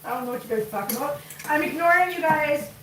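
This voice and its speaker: A chatty woman with a Minnesotan accent, her voice a little high, talks through a home cooking livestream and laughs often. She sits back from the mic in an echoey kitchen. There is steady noise under her voice. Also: fast talker. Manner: chatty, laughs often, reads out viewer chat. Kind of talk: casual livestream chat. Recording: echoey room, distant mic, noisy.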